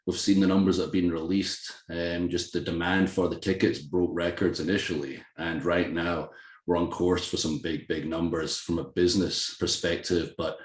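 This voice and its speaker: A man with a Scottish accent, talking casually as an interview guest, telling animated self-deprecating stories and laughing often. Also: low voice, normal speed, reverberant. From Scotland. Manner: animated, self-deprecating storyteller who laughs often and acts out quoted voices. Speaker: guest, professional wrestler.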